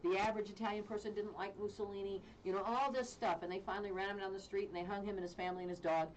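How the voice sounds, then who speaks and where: A woman's voice: medium pitch, steady tone, rapid-fire, recorded from a distance, background noise. A woman hosting a live radio talk show, ranting with strong opinions and mocking others in put-on voices.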